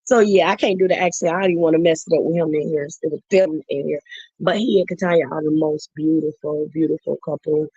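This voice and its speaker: A woman's voice: sits low, fairly even intonation, fast, warm tone, breathy edge, dry recording. A middle-aged woman hosting a livestream, chatting casually and effusively with her viewers. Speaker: livestream host. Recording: dull dry lo-fi sound.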